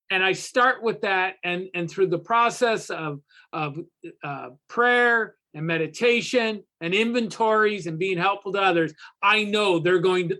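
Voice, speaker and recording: A man facilitating a recovery workshop over a video call, teaching with spoken parables as an animated storyteller who repeats phrases for emphasis. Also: high voice.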